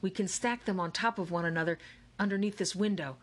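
A woman's voice: medium pitch, fairly quick, natural voice. Kyle, a woman reader's easygoing teen boy. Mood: casual. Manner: casual, matter-of-fact. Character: clever teenage boy, easygoing game lover.

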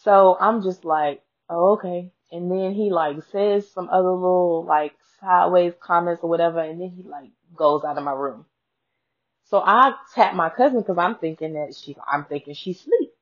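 A woman with a low, deep-set voice tells a personal story on her show. She is chatty and frank, swears freely and speaks straight to her listeners. The sound is dull and lo-fi. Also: normal speed. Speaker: podcast host.

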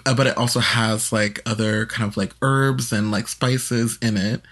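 A man's voice: medium pitch, moderate pace. A man co-hosting a podcast, chatting casually and telling food stories with playful energy. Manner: animated, playful storyteller. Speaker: podcast co-host. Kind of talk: casual chat.

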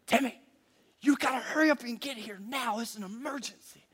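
A man voicing his flustered wife calling him home, raising his voice high and pleading. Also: very animated, fairly quick, sharp tone, heavily acted. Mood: panicked. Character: flustered wife urging her husband home.

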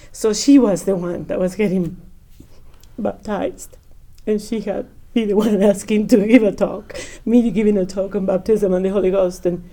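Emotional woman telling a faith story. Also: medium pitch. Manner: emotional, animated, acts out dialogue. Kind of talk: personal conversion story.

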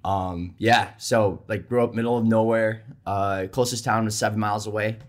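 A man's voice: fairly low pitch, steady tone, moderate pace. A man in his twenties from Minnesota with a Minnesota accent, a podcast guest chatting casually and filling his talk with "um" and "like". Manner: easygoing, many fillers like "um" and "like". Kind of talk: casual chat.

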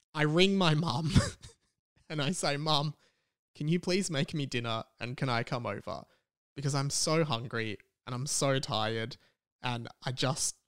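A young man, hosting a podcast and telling a long story in a casual, rambling way, animated and venting. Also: fairly high pitch, clear, resonant tone, no echo, studio quality. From Australia. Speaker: podcast host.

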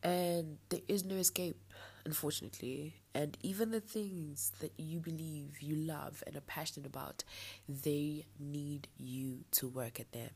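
A woman's voice: low-pitched, fairly even intonation, unhurried, creaky, breathy edge. A young woman hosting her own podcast, talking candidly and a little frustrated late at night, with a blocked nostril. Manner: candid, frustrated, ranting with soft laughs. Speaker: podcast host. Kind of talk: late-night personal monologue.

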